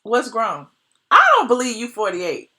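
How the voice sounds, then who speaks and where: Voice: mid-range voice, lively intonation, moderate pace, pushed and bright. A call-in show host with a Southern US accent, asking pointed, skeptical questions in a teasing way.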